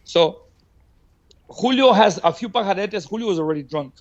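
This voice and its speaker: High-voiced man telling a story. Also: normal speed, lo-fi sound. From Mexico. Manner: animated, acts out quoted dialogue, laughs often. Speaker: boxing trainer, podcast guest. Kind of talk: casual storytelling. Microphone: studio podcast mic.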